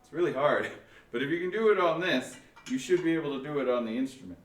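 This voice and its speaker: A man's voice: fairly high pitch, fast talker. Guy teaching band class online, patient, kinda echoey room. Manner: patient, explaining step by step with restarts. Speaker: music teacher. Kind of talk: remote band lesson. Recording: echoey room, faint noise.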